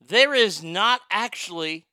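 Bright, heated, profane male host. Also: sits high, animated, takes it slowly, clear, resonant tone, no echo, clean studio sound. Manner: profane, heated, stammering restarts. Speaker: podcast host. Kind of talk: ranting call-in show talk.

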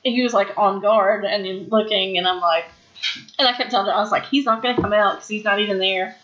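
A woman co-hosts a podcast in a mid-range, steady, slightly bright voice, talking fairly quickly. She chats casually as she recaps wrestling, acting out quotes and laughing often. The recording sounds dull and lo-fi.

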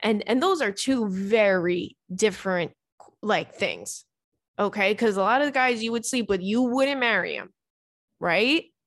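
A young woman hosts a podcast in loose, casual chat. She is blunt and chatty and curses freely. Her voice sits at an ordinary pitch, recorded dry and close with no room sound. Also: animated, unhurried, no room sound. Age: young adult. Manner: frank, chatty, swears freely. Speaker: podcast host.

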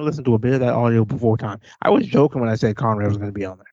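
A man co-hosts a podcast in playful, casual banter. His middle-pitched voice comes through a dull, lo-fi mic that sounds dry and close. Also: very fast, warm tone, no room sound. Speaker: podcast co-host. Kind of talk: casual chat.

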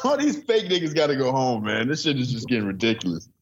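A man's voice: mid-range voice, sing-song, fast talker, highs cut off, a little hiss or hum. A man co-hosting a casual podcast chat, joking and laughing a lot. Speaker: podcast co-host.

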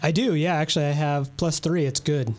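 A man's voice: a little high, steady tone, brisk, darkish tone, a little hiss or hum. A young man playing a tabletop game, joking and laughing easily. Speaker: player.

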